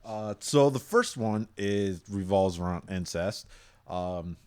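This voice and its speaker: A man's voice: deep voice, lively intonation, slow pace, darkish tone, smooth. A man co-hosting a casual podcast, laughing often and stumbling over his words as he recaps episodes. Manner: laughs often, stammers and restarts. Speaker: podcast co-host. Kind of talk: casual chat reviewing anime.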